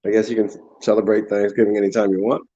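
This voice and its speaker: On a lo-fi livestream, a male host chats casually, rambling and laughing often as he eats and drinks, sometimes talking with his mouth full. His voice is fairly low and dark-toned, with little pitch movement, and he talks fast.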